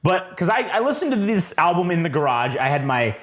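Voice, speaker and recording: Male co-host, high-ish voice swinging widely, swears freely, roomy echo. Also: brisk. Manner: profane, excitable, animated storytelling. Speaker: podcast co-host. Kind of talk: casual album review chat.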